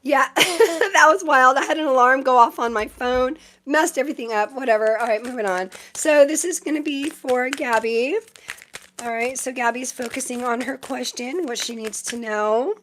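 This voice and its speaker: A woman with a high voice and normal speed reads tarot for live-stream viewers, chatting casually and leaning on fillers. She thanks viewers often, and there's a little hiss or hum in the recording.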